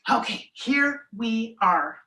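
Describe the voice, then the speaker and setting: A woman runs a children's online class, animated and encouraging as she narrates each imagined trip. Her voice is a little high and very lively, and it has a bright, sharp tone. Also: slow, poor audio. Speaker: camp instructor.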